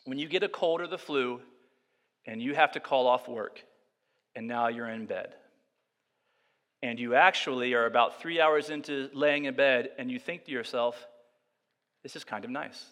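A male pastor preaching a sermon, moving between quiet, slow reflection and loud, emphatic passages. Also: mid-range voice, in a large hall.

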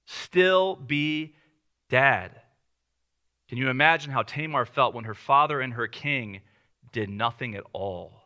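A man in his thirties preaching a sermon as pastor, telling family stories in a relaxed, conversational way with light laughter. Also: fairly high pitch.

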